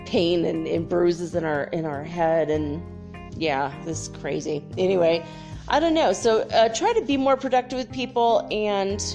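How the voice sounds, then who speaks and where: A woman in her fifties with a lowish voice hosts a casual spiritual chat show. She tells stories in a chatty, animated way and laughs often.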